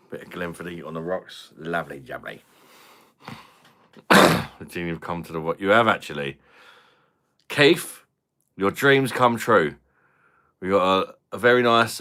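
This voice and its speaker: A man's voice: sits low, pushed and bright. Bantering man on a live stream. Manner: crude joking banter, laughs often. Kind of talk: casual live-stream chat reading viewer comments.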